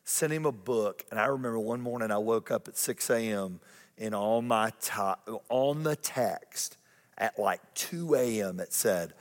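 A male pastor preaching a lively sermon, repeating phrases and climbing higher in pitch for emphasis. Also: unhurried, in a large hall. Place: church auditorium.

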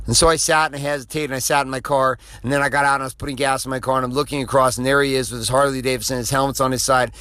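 A man's voice: medium pitch, little pitch movement, racing, hardly any pauses, pushed and bright, clean tone, no echo. Man, middle-aged, motivational host, intense, profane, preachy, dry close sound. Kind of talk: motivational monologue.

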